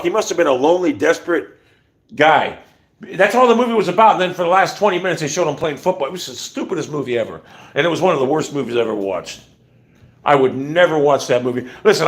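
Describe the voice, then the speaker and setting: A man's voice: fairly high pitch, a bit bright. A man hosting a casual livestream, ranting bluntly with profanity and rambling asides. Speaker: livestream host.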